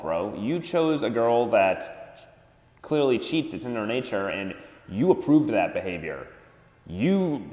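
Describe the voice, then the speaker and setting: A man rants dating advice in a blunt, profane way, with a lot of swearing. His voice swings widely in pitch as he drives his points home. The room is roomy, with a long reverb trailing behind him. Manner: blunt and swearing, animated, mocks others in put-on voices. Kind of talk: profane ranting advice monologue.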